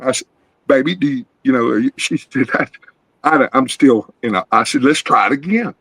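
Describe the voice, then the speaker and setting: This guest caller, a middle-aged man, tells a rambling, earnest personal testimony on an open video call panel, animated as he goes. He speaks at a normal speed in a mid-range voice that sounds creaky and husky. The audio is dry and rough.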